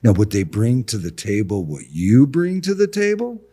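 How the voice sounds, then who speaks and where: With a mid-range voice, a breathy edge, and a normal speaking speed, a middle-aged contractor swaps stories on a podcast interview. He gets animated acting out each side of the dialogue, tossing in slang like "bro" and "dude."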